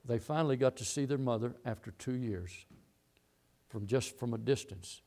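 A man's voice: mid-range voice, normal speed, dark tone. A middle-aged man preaching a sermon, telling a long story and repeating key phrases as he goes. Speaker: pastor.

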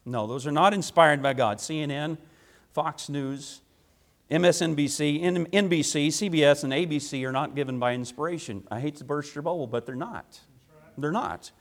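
A man preaching a sermon, emphatic and repetitive, firing rhetorical questions and swinging between loud declarations and quiet asides. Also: fairly high pitch, normal speed. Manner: emphatic, repeats key phrases for force.

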